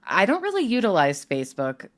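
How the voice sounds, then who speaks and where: A woman co-hosting a podcast who chats in a lively way and jumps up in pitch when she stresses a point. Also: fairly quick. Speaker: podcast co-host. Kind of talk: casual chat.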